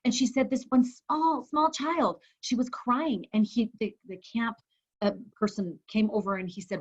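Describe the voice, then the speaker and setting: A woman's voice: fairly high pitch, moderate pace, slightly rough. A woman hosting an interview, telling stories in a heartfelt, moved way. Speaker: host. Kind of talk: interview conversation. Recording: dull, muffled audio.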